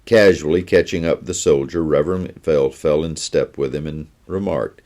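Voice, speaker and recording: A man, a pastor, reading a children's story aloud in a steady storytelling manner. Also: extremely low pitch, moderate pace, hardly any pauses.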